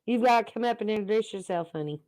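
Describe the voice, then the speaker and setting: A woman's voice: mid-range voice, fast talker, a little mellow, no room sound. A woman with a Southern US accent co-hosting a casual livestream chat, teasing and laughing often. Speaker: livestream co-host.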